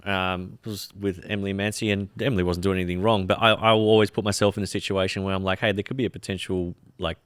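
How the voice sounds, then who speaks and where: Australian man, young, quick talker, lowish voice, dry close mic. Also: clean tone, no room sound. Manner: fast, animated, opinionated. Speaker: podcast co-host. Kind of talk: casual chat.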